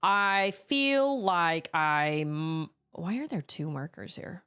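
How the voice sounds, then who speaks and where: Speaking slowly in a lowish, clear and resonant voice, a young woman streams a video game. The chat is casual and animated, and she jumps into silly voices and laughs.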